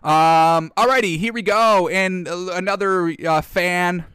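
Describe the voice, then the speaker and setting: Excitable young man talking football. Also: sits high, measured pace, smooth, dry recording, studio quality. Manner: excitable, laughs often, addresses viewers as folks. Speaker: sports commentator host. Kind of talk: casual football chat and highlight commentary.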